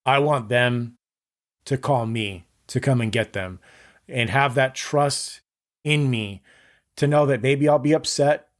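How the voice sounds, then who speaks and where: A man in his thirties with a medium-pitched voice speaks slowly as a podcast guest. He's earnest and rambling in casual conversation, leaning heavily on "like."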